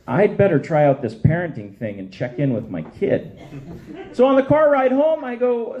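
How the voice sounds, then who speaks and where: Man, forties, stand-up comedian, high-pitched, lively, self-mocking, live stage set. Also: lo-fi sound. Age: 40s. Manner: punchy, self-mocking delivery with quick voiced asides.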